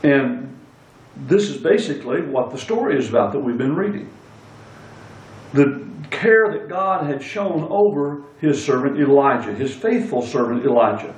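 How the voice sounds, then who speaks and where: A man's voice: mid-range voice, lively intonation, normal speed. A man preaching a sermon, reading scripture aloud and stressing single words. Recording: echoey room, speaker far from mic.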